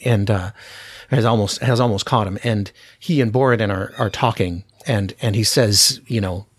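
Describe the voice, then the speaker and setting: Casual podcast host, male, slightly husky, dry booth sound, chatty with lots of restarts. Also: fairly low pitch, moderate pace, no room sound. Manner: chatty, frequent fillers and restarts, laughs often. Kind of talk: casual film discussion.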